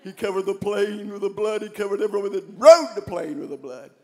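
High-voiced older man preaching with fervor. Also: a little fast, big-room sound. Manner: impassioned preaching, shouted refrains. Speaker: pastor. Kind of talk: sermon. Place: church sanctuary.

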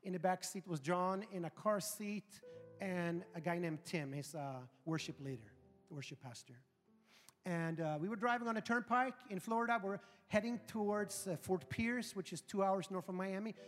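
Pastor guy telling a funny story, high voice, gets loud and animated, echoey church hall. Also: normal speed. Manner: animated, humorous, building to loud emphasis. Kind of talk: storytelling sermon. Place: large church auditorium. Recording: reverberant hall with faint music.

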